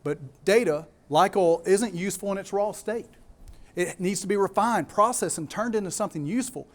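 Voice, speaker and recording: A man's voice: high voice, normal speed. A man with a Southern US accent giving a keynote talk to a live audience, emphatic, repeating key words and putting questions to the crowd. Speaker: conference speaker.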